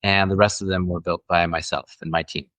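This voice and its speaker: Middle-aged man, low voice, dry close sound, friendly casual storytelling. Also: steady tone, a little fast, a bit bright, no room sound, highs cut off. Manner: friendly storyteller with frequent restarts. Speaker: actor and guest. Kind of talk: casual interview chat.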